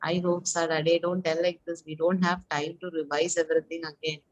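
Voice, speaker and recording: A woman's voice: sits low, little pitch movement, low-quality recording. Woman tutoring on a video call. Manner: casual, halting, many fillers. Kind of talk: online one-to-one lesson.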